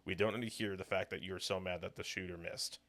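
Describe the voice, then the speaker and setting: A man's voice: low-pitched, fairly even intonation, fast, fairly bright tone. A man co-hosting a podcast in casual chat, rambling and laughing often as he talks. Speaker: podcast co-host.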